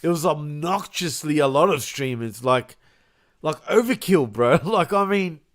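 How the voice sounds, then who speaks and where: A man's voice: fairly high pitch, expressive, unhurried. A man co-hosting a crude, casual podcast chat, laughing often and saying "bro" a lot. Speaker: podcast co-host.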